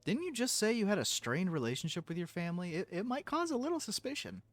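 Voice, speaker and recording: Brief: man doing let's-play commentary, wry asides, lively up-and-down voice. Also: high voice, fast talker. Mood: sarcastic. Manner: sarcastic, jokey, talks back at the game. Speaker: game player.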